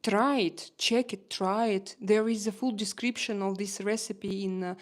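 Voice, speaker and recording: A woman's voice: mid-range voice, steady tone, a little slow. Chatty Russian-accented woman streamer. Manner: chatty, reads viewer comments aloud, many fillers. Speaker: live stream host. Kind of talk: casual live stream chat.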